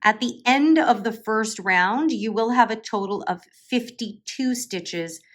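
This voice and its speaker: A woman's voice: fairly high pitch, unhurried. A woman teaching a step-by-step crochet tutorial, talking patiently and chattily and often checking in with the viewer. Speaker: crochet instructor.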